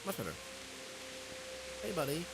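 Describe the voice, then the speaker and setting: A man's voice: fairly high pitch, huge pitch swings, moderate pace, creaky, very noisy. A man streaming a game, commenting in a playful, joking way with frequent exclamations. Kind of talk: gameplay commentary.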